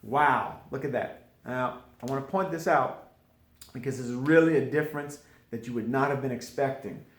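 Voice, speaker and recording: Male teacher, mid-pitched, unhurried, repetitive drilling; roomy echo. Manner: slow, repetitive drilling with asides. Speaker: French teacher. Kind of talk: informal grammar lesson. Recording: echoey room.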